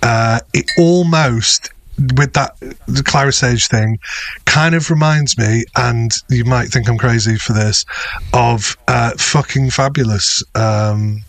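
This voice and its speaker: A man's voice: medium pitch, slow pace, gravelly, dry recording. A man co-hosting a podcast, talking casually with many ums and likes as he searches for words. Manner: hesitant, lots of ums and likes. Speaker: podcast co-host. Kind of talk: casual chat.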